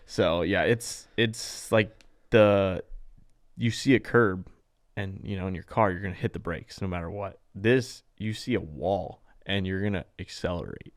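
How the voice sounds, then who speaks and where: Gravelly low-voiced racer, rambling. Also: male voice, moderate pace, no room sound, clean studio sound. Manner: rambling, animated, heavy use of "like". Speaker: off-road truck racer, guest. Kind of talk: casual podcast conversation.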